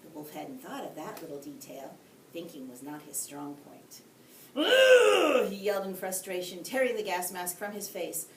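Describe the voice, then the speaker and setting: A woman teacher reading a bedtime story aloud, expressive, with friendly asides to young listeners. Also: on the low side, normal speed. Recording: echoey room, distant mic, faint hiss.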